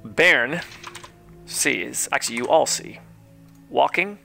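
A man's voice: mid-range voice, animated, takes it slowly, creaky, bright, forceful tone, soft background music. A man narrating a tabletop game as game master, hesitant with many fillers.

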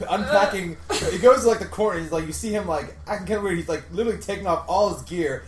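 A man's voice: sits high, fast, echoey room, distant mic, slight background noise, poor audio. A man playing a tabletop game, chatting loosely and narrating his character's actions. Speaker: player. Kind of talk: casual tabletop game chat.

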